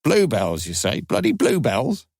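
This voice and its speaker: A man's voice: medium pitch, lively intonation, brisk, no room sound, studio quality, pitched above the performer's own voice, lightly acted. A man voicing a coarse, defensive working-class young woman who speaks in a common way. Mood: scornful. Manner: common-sounding, defensive, cheeky.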